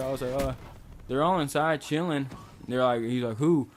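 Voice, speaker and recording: A man's voice: mid-range voice, moderate pace, a little hiss or hum. A young man from Kentucky, casually telling a long, rambling story with lots of swearing. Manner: loose, rambling, swears a lot. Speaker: vlogger.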